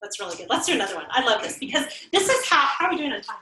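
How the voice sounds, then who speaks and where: A high, bright woman trainer talks the group through examples and laughs easily. She acts out snippy and sweet tones of voice for effect. She sounds distant in a roomy space. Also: big pitch swings, rapid-fire, a little hiss or hum. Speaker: trainer leading a workshop. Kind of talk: interactive training talk. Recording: roomy echo, distant mic.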